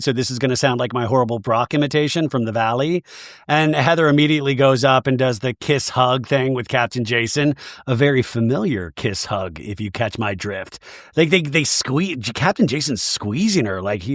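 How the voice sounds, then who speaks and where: A man hosting a podcast, recapping a reality show in a jokey, animated way and slipping into quick mock voices. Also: mid-range voice, dry recording, studio quality. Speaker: podcast host.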